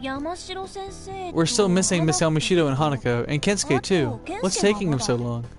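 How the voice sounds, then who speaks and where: Guy streaming a story game, reads it all out, swears and laughs, kinda high voice, faint music behind. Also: sing-song, moderate pace. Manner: reacts loudly with swearing and laughter. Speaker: streamer reading a visual novel aloud. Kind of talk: game let's play with read-aloud dialogue.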